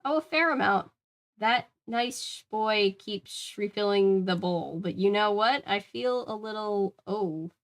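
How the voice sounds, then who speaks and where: A woman reading aloud voices a tipsy teenage girl who talks slowly and slurs her words. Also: medium pitch, natural voice. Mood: slurring. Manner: slow, drawn-out slurred speech.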